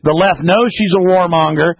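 Fast-ranting talk radio host, a man. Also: high voice, vocal fry, no room sound. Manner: rapid, emphatic, ranting delivery. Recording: dull, dry radio broadcast with faint music.

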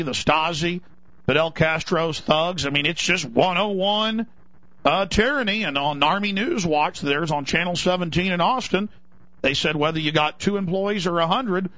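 A man's voice: on the high side, bright, forceful tone, dry recording. A male radio talk show host delivering a heated, indignant monologue. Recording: dull lo-fi broadcast audio.

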